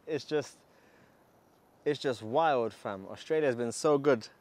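A man's voice: medium pitch, slow pace, darkish tone. A man vlogging at an outdoor car meet, talking in hyped, slang-heavy street talk while filming on a handheld camera. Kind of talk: casual walkaround vlog. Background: faint outdoor noise.

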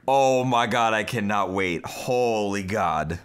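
A man's voice: fairly low pitch, takes it slowly, hardly any pauses, a little hiss or hum. A young man commenting on a wrestling game, reading promos aloud with mocking trash talk. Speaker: gaming YouTuber. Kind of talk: let's play commentary.

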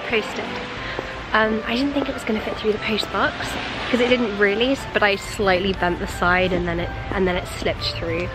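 A young woman chats through her day in a relaxed vlog style. She has a slight lisp, and clear Christmas music plays behind her voice. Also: medium pitch, normal speed. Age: young adult. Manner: slight lisp from a mouth guard. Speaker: vlogger. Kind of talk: casual vlog chat.

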